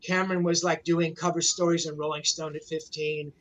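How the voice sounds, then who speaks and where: A man's voice: a little high, little pitch movement, fairly quick, a bit bright. A man in his sixties, a rock journalist, telling a long rambling anecdote in a casual way, full of "you know, man" fillers, over a video call.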